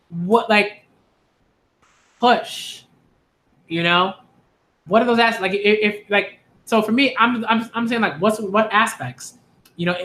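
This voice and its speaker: A man's voice: high voice, pushed and bright. A young man from Queens, talking casually to camera in a rambling way, full of "like" and "um" and restarts. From Hollis, Queens, New York. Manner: rambling, many fillers and restarts. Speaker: anime and manga video host.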